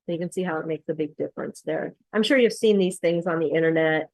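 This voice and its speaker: Female accent coach, low-pitched, dry close sound, explanatory screen-share walkthrough. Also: fairly quick, hardly any pauses, no room sound, rough recording. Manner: explanatory, steady, with frequent ums.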